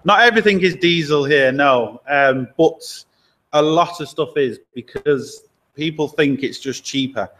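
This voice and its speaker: A man's voice: a little high, measured pace, a bit bright. A man, a garage owner chatting casually on a live stream, answering viewer questions with easygoing, blunt opinions and frequent laughs. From Lincoln, England.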